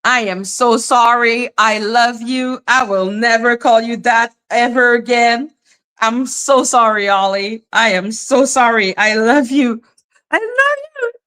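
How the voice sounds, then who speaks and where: A woman hosting a casual livestream, chatting with viewers in an animated way, laughing often and swearing freely. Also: on the high side, measured pace, clear, resonant tone. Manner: animated, laughing, frequent profanity. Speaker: livestream host. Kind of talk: casual livestream chat reading comments.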